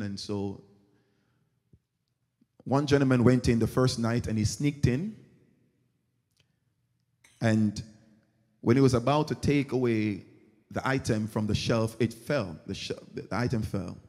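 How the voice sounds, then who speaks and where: A man preaching a sermon as pastor, telling stories and acting out their characters. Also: on the low side. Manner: animated storytelling, acting out characters. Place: church sanctuary. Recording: long church reverb.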